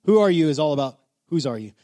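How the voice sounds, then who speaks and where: Brief: male pastor, high voice, animated sermon storyteller. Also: fast talker. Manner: animated storyteller, builds to shouting.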